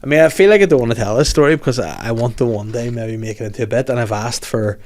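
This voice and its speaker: A man's voice: mid-range voice, animated, fast talker, darkish tone. A man, hosting a podcast and telling a story in casual comic chat, quoting people as he goes. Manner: storytelling with acted quotes, swearing, frequent laughs. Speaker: podcast host.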